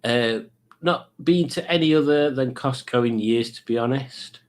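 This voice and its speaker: A middle-aged man hosts a live quiz stream in a chatty, rambling, teasing way, using a mid-range voice at a moderate pace. It's casual live-stream chat.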